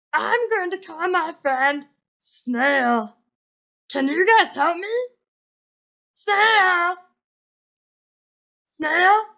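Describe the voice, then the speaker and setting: Frog puppet: high, bright, gravelly, slow and eager, voiced by a woman. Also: full character voice. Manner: eager, chatty, asks kids for help. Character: friendly, curious frog puppet who croaks. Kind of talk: children's puppet show.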